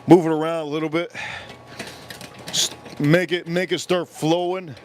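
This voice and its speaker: A man hosting a live cooking stream outdoors at a grill, chatting in a rambling, joking way that breaks into shouted bits. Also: fairly high pitch, flat delivery, moderate pace, slight background noise. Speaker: livestream cooking host.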